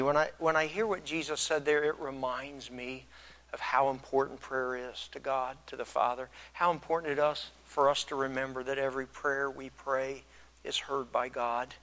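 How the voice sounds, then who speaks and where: A man preaching a sermon in an earnest, reflective way, often restarting his words and growing louder for emphasis. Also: medium pitch, poor audio. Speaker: pastor.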